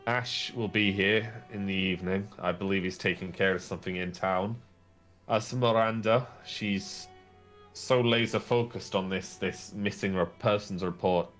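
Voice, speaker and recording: A man with a low voice narrates a tabletop role-playing game as game master, talking loosely and restarting his phrases. Faint music plays in the background. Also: steady tone, moderate pace, fairly bright tone. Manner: casual, rambling narration with restarts.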